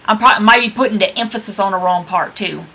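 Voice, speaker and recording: Lady co-hosting a book stream, bright voice, laughs a lot. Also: medium pitch, quick pace. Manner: chatty, laughs often, reads out attendee names. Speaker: book club livestream co-host. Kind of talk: casual chat.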